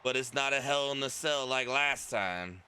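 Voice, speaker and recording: A man's voice: mid-range voice, normal speed, sharp tone, a little hiss or hum. A man doing wrestling commentary, trash-talking and mocking a wrestler. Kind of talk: heel-leaning play-by-play banter.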